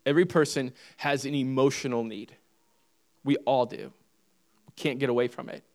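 A male pastor delivers a sermon in a mid-range, slightly mellow voice, with fairly even intonation and a moderate pace. He reads scripture and drives his points home emphatically, repeating key phrases and putting questions to the congregation.

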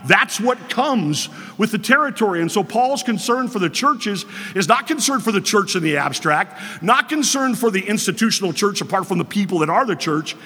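Earnest high-voiced preacher in a reverberant hall. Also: male voice, animated, moderate pace, few pauses, bright, forceful tone, breathy edge. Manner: earnest, emphatic, addresses congregation directly. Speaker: pastor. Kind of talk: sermon.

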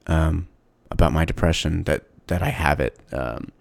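A man with a very low, gravelly voice talks on his own podcast in a candid, reflective way. He often stops and restarts mid-sentence. The sound is dry and close. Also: moderate pace, no echo. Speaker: podcast host. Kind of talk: casual solo podcast monologue.

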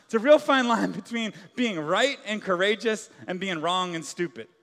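A man's voice: high-pitched, normal speed, fairly bright tone. A man preaching a sermon as pastor in a large church hall, casual and joking, full of filler words.

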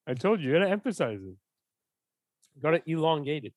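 A man's voice: fairly high pitch, sing-song, quick pace, darkish tone. A man co-hosting a podcast, teasing his friend and swearing in casual chat. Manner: teasing, swears, says dude and bro. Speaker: podcast co-host.

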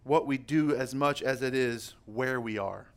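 A young man preaching a sermon as pastor, emphatic and slowing down to stress key words. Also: medium pitch.

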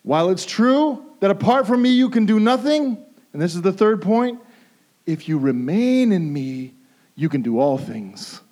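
This preacher's voice sits high, swinging widely in pitch as he takes an unhurried pace. Repeating phrases for emphasis, he moves from quiet intensity to loud pleading in his sermon.

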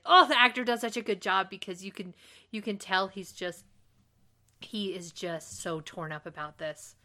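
A woman co-hosting a podcast, retelling a TV episode in casual chat with animated, quick delivery. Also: mid-range voice. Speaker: podcast co-host recapping a TV episode.

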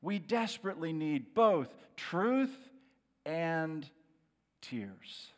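A middle-aged man preaching as a pastor, in a fairly high, very lively voice that sinks to a hush on key words. He speaks slowly and deliberately. His voice rings with long reverb through a large church hall. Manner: dramatic preaching, dropping to a hushed, slow voice on key words. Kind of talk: sermon.

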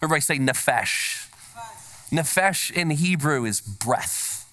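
A man's voice: fairly high pitch, animated, measured pace, bright, forceful tone. A man preaching a sermon to his congregation in a church. He speaks emphatically, repeats key phrases and asks the congregation to say words back to him. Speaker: pastor. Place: church sanctuary.

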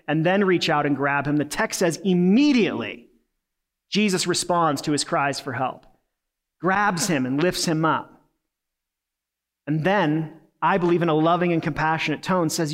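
A male pastor preaches a Sunday sermon to his congregation, earnest yet relaxed and conversational, at a moderate pace. His voice is a little high for a man, and casual fillers and restarts crop up as he goes.

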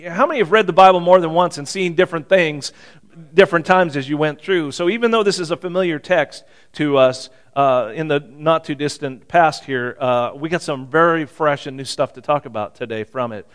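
A man's voice: fairly high pitch, a little fast. A middle-aged male pastor preaching a sermon in a conversational way, with joking asides and questions to the congregation.

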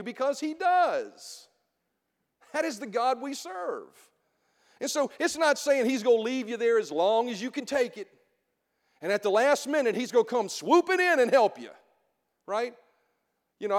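A middle-aged male pastor preaching a sermon, calling for congregation responses and swinging between soft asides and shouted emphasis. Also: sits high, big-room sound. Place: church sanctuary.

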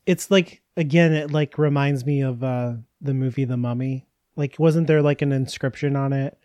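A man's voice: mid-range voice, fairly even intonation, moderate pace, warm tone, no echo. A man co-hosting a podcast, joking and laughing through casual talk about a book. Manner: joking, laughs often, rambling asides. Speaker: podcast co-host. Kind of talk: casual book-club chat.

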